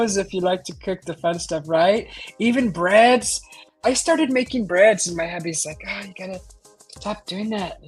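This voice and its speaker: A woman's voice: lowish voice, breathy edge. Chatty woman hosting a live stream. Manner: chatty, animated, asks viewers lots of questions. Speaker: livestream host. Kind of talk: casual live-stream chat.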